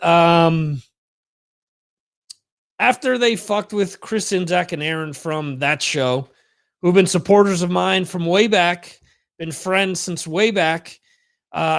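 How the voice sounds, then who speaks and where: A livestream host with a slightly high, gravelly, fairly bright voice gives a casual monologue. He rambles in a chatty, profane manner.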